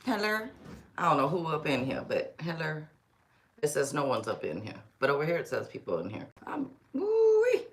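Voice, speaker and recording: A woman's voice: low voice, lively intonation, a little fast, slight background noise. Rambling woman chatting on a live stream. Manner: rambling, chatty, talks to herself. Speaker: tarot reader livestream host. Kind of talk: casual livestream chat.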